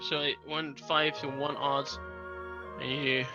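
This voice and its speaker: A man's voice: a little high, level tone, slow, dull audio, music in the background. A man asking puzzled questions in casual chat with friends.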